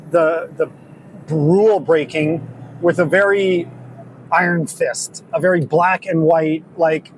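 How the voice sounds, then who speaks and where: A man's voice: fairly high pitch, fairly even intonation, unhurried, low-quality recording. A man hosting a podcast, talking through a story in an earnest, rambling way with many restarts, recorded in his truck. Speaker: podcast host, discipleship school leader. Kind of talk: casual reflective monologue. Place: in a truck on a drive. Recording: faint vehicle noise. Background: vehicle ambience.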